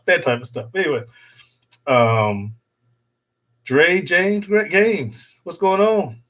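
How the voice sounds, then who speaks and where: A man's voice: a little high, expressive, takes it slowly, long pauses, fairly bright tone. A middle-aged man hosting a casual livestream chat from home into a desktop USB mic, rambling and joking with his viewers and laughing often. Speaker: channel host. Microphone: desktop USB microphone.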